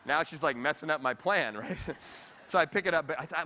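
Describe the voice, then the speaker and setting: A man giving a keynote speech on stage, telling a heartfelt story with animated delivery. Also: a little high, fairly quick, a little hiss or hum. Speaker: keynote speaker. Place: large convention hall, on stage. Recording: echoey convention hall.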